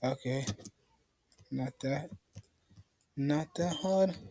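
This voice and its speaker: A man's voice: a little high, drawn-out words, mellow, a little hiss or hum. A young man giving let's play commentary, ranting in frustration and pleading with the game. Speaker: gamer.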